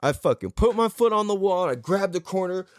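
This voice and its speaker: A man tells a story in a loose, profane podcast monologue, laughing as he goes. His voice sits a bit high and swings widely in pitch. The sound is dry and close. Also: brisk, dry recording. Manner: profane, laughing, animated retelling. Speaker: podcast host.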